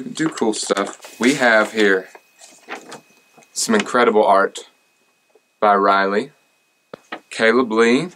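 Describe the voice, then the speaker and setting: A man's voice: fairly low pitch, sharp tone, slight background noise, poor audio. A young man chatting casually and joking at his own expense as he opens fan mail. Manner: joking and self-deprecating. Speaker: singer and vlogger.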